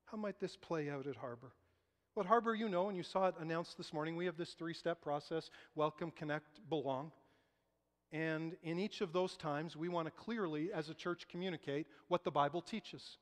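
High-voiced pastor in a reverberant hall. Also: male voice, moderate pace. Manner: conversational, rhetorical questions. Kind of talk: sermon. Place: church sanctuary.

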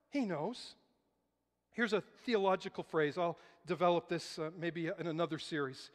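A high-voiced man preaching to a church congregation, his voice ringing with long reverb in a big hall. He tells stories with animated delivery and acts out the lines of the people he quotes. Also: normal speed. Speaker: pastor. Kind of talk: sermon.

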